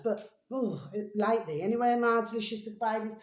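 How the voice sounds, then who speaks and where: A woman's voice: medium pitch, fairly quick. A woman vlogging in a rambling, casual way, affectionately addressing her viewers as her babies, with many fillers and half-finished thoughts. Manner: fond, chatty, calls viewers "my delicious babies"; frequent fillers and trailing thoughts. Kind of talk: rambling casual monologue to camera. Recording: roomy, echoey sound.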